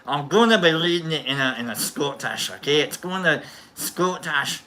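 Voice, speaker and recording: A man's voice: a little high, lively intonation, normal speed, pushed and bright. A man hosting a casual chat show, rambling with lots of restarts and jokey asides. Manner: rambling, self-interrupting, jokey. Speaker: host.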